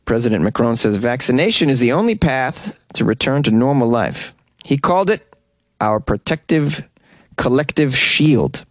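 A man's voice: mid-range voice, dry recording. A man hosting a daily comedic news podcast, reading headlines and riffing with wisecracking asides. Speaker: podcast host.

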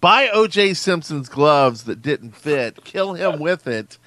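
A man co-hosting a podcast in casual chat, joking and rambling, often trailing off quietly at the ends of thoughts. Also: fairly high pitch, animated, slow pace, dry recording. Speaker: podcast co-host.

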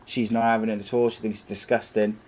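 A man's voice: lowish voice, level tone, quick pace, darkish tone. Man in his forties, rambling podcast banter. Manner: rambling storyteller, laughs often. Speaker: podcast co-host. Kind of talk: casual chat.

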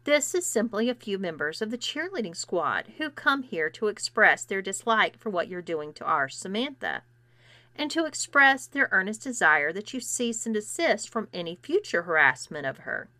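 A woman's voice: mid-range voice, very animated, sharp tone, dry recording. Woman reading as a cool, menacing teen girl. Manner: slow, deliberate, menacing. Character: cool, commanding teenage girl, very deliberate.

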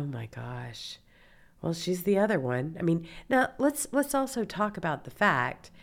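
A woman's voice: low-pitched, gravelly. A woman from Mississippi hosting a political talk show, indignant and exasperated. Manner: indignant, exasperated, reads quotes aloud. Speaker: host.

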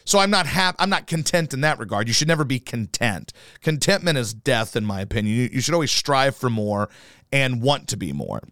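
A man's voice: mid-range voice, very animated, fairly quick, fairly bright tone, dry recording, clean studio sound. Profane ranting male podcast host. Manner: profane, combative, rambling.

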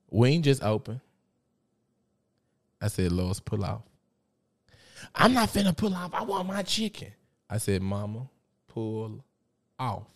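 A man hosting a casual podcast, telling a story in an animated, profane way with loud bursts of laughter. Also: on the low side. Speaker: podcast host.

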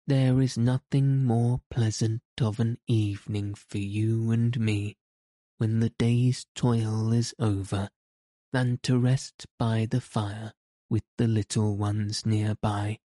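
A boyish, uneasy young boy, puzzled and anxious, as a man reading the storybook puts him on. The reading is slow and unhurried, with a low, warm voice. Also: level tone, no room sound, studio quality.

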